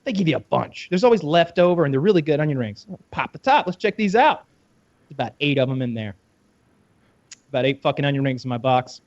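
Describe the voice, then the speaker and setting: A man hosting a podcast who tells a story in a casual, animated way, swears and acts out the other people in it. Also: a little high, brisk. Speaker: podcast host. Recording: dull lo-fi podcast audio.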